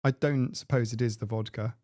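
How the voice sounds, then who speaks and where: A man's voice: medium pitch, steady tone, a little fast, darkish tone, no room sound, clean studio sound. A man hosting a casual live stream, chatting in a rambling way and laughing at his own jokes. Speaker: livestream host. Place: home room. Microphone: desk mic with mixer.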